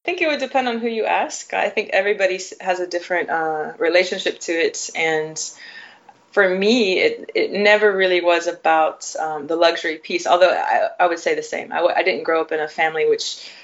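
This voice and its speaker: A woman's voice: on the low side, fairly quick, dull audio. An American woman from Tennessee, a guest on a remote podcast interview, who talks thoughtfully with many fillers and restarts. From Nashville, Tennessee, US. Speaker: guest, educator.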